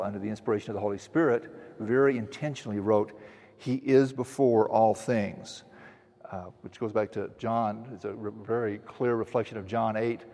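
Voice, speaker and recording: A man preaching an expository sermon, earnestly teaching and slowing down to stress quoted verses. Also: fairly low pitch, creaky, darkish tone, in a large hall. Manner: earnest teaching, with frequent restarts and slow emphatic quotes. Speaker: pastor.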